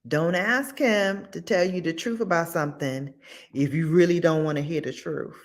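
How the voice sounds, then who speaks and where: A woman hosting a casual commentary vlog, blunt and sassy, with animated asides. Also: on the low side, normal speed. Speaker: host.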